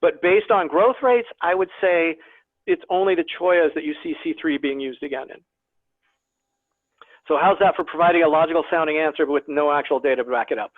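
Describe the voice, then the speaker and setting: High-voiced man lecturing over a tinny call. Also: fairly quick, dry recording. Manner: chatty, self-deprecating humor, repeats words. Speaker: guest lecturer, plant scientist. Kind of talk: online lecture to a naturalist club. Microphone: video call. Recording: tinny, phone-like video call audio.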